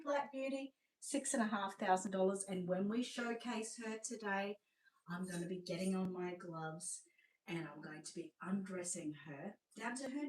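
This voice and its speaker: An Australian woman hosting a live-stream sales showcase, chatty and gushing, often dropping to a hushed voice. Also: on the low side, recorded from a distance. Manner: chatty, gushing, drops to a hushed voice over sweet babies. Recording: roomy sound, away from the mic.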